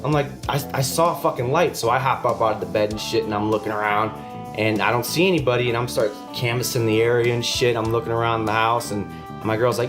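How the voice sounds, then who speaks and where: A man's voice: mid-range voice, fast talker, music in the background. A man co-hosting a podcast, telling a story in casual, swearing chat. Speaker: podcast co-host.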